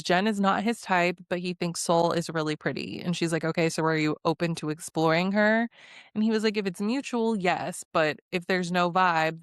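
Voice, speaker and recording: Young woman, low-pitched, casual recap vlogger, sassy and laughing, dry close recording. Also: no room sound. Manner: sassy, opinionated, laughs often between remarks. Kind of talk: casual reality-show recap.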